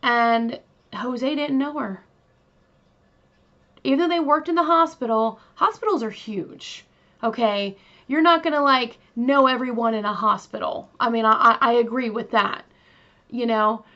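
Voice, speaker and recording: A woman with a slightly raised voice tells a true crime story at an unhurried, drawn-out pace. She chats with her listeners as she goes and fills the story with asides and fillers. The recording sounds a little dull and lo-fi. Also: on the high side, pushed and bright. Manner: chatty, many fillers, talks to listeners directly. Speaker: true crime podcast host. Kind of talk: casual storytelling.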